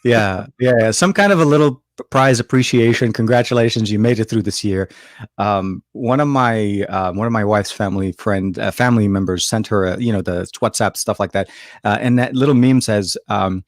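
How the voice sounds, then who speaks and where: A man's voice: lowish voice, a little fast, dry recording, clean studio sound. A man co-hosting a casual tech chat, rambling with many fillers and restarts. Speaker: co-host.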